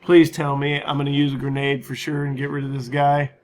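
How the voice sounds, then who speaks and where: A man's voice: medium pitch, completely flat delivery, a little fast. A man hosting a gaming channel, chatting casually through a let's-play and a channel update, rambling, self-mocking and swearing freely.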